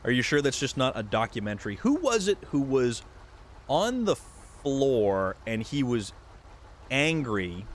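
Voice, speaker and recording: Animated, rambling game streamer man. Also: mid-range voice, unhurried, slight background noise. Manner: rambling, jokey, reads chat aloud. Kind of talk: live-stream chat while gaming.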